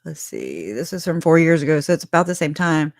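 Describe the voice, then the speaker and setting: A woman's voice: low voice, sing-song, fairly quick, no room sound, studio quality. Blunt, laughing woman livestream host. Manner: blunt, emotional, laughs often. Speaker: true crime livestream host. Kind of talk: casual livestream commentary.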